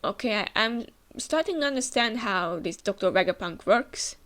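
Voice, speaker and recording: A woman's voice: fairly high pitch, lively intonation, normal speed, a bit bright. A woman hosting a manga reaction, chatting as she reads the panels aloud. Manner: chatty, with frequent fillers and restarts. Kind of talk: reading manga aloud with comments.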